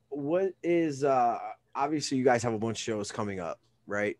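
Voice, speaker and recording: A man's voice: medium pitch, expressive, moderate pace, few pauses, darkish tone, no echo. A man hosting a podcast, joking around and reading sponsor plugs in a casual chat. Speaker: podcast host.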